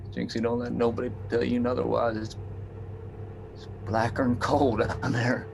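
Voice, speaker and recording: Actor as an aging miner, gravelly folksy storyteller, noisy recording. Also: male voice, medium pitch, monotone, a little slow. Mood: wry, reminiscing. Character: aging male coal miner, a worn, wry father. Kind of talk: stage play monologue. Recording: noisy background.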